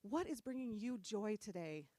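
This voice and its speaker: A woman imitating her soft-spoken, gentle mother, who speaks primly and turns quietly stern when she is upset. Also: medium pitch, expressive, rapid-fire, no echo, studio quality, natural voice.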